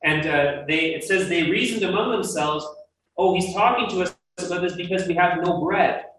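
A man's voice: high voice, moderate pace, fairly bright tone. A man giving verse-by-verse Bible teaching, earnest and emphatic, putting questions to his listeners. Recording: very echoey room, mic at a distance, faint noise.

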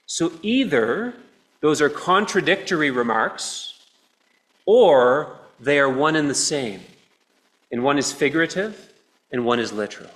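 A man preaching a sermon in a church, earnest, moving between soft stretches and emphatic ones. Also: a little high, expressive, a little slow.

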